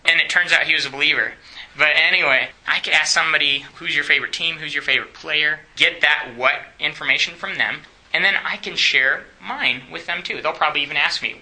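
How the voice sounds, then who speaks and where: Man, church teacher, very bright voice, slightly high pitch, chatty, asks questions. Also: brisk, poor audio. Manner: chatty, asks the class questions, laughs often. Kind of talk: classroom teaching on evangelism.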